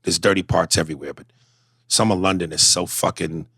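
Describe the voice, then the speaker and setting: A lively man chatting on a podcast, low-pitched in his everyday talk but prone to leaping up into high impression voices. He sounds close and dry, with no room around him. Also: fairly quick, breathy edge, no room sound. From United States. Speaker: podcast co-host. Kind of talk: casual podcast banter.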